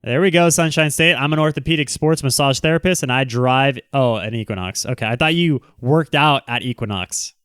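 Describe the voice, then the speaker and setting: A man's voice: medium pitch, brisk, few pauses, fairly bright tone, smooth, dry recording, clean studio sound. A man hosting a casual livestream, reading the chat aloud and answering in a brash, teasing, joking way. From Southern California.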